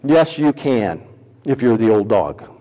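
A man preaching a sermon as pastor, folksy and humorous, swinging between loud emphasis and hushed, quiet lines. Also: medium pitch, sing-song, a little slow, big-room sound, dull audio.

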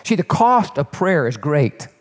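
An older male pastor tells his story from the pulpit, animated and candid, often repeating a word as he gathers steam. His voice sits on the higher side for a man. The sound rings out with the long reverb of a church sanctuary. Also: measured pace. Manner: animated, candid, repeats words while building. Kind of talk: storytelling sermon.

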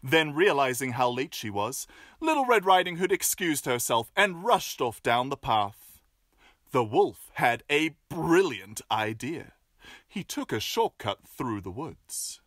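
A storyteller reading a fairy tale aloud with playful asides and expressive delivery. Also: mid-range voice, a little slow, no room sound, studio quality.

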